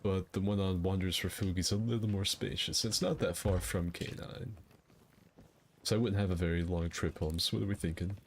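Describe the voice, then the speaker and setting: A man's voice: deep voice, fairly even intonation, a little fast, slight background noise. A man hosting a gaming session, chatting casually with friends in a joking, rambling, profane way. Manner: joking, swearing, rambling banter. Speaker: gaming channel host. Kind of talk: casual gameplay chat with friends.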